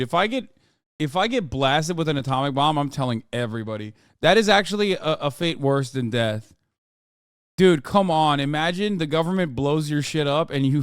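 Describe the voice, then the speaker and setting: Male streamer host; sarcastic, swearing, crisp higher voice, dry close sound. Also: dry recording. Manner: animated, profane, sarcastic. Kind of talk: casual live-stream reaction.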